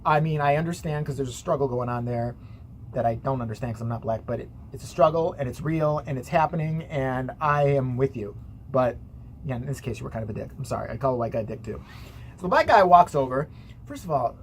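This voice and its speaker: Woman vlogger, sarcastic, swears, lively swinging pitch, faint ambience. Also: slight background noise. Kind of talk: casual profane commentary.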